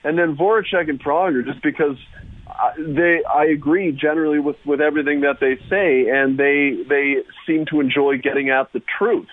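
Over a tinny phone line, a man with a fairly high, steady voice calls in as a guest on a sports radio show, with no room sound. At a moderate pace, he talks hockey in a rambling, enthusiastic, casual way, often restarting his sentences.

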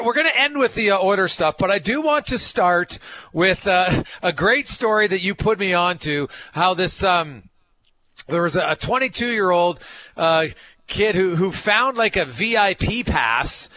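A man hosting a sports radio show, chatting casually and animatedly, often stopping to correct himself. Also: sits high. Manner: animated, self-correcting, quick asides.

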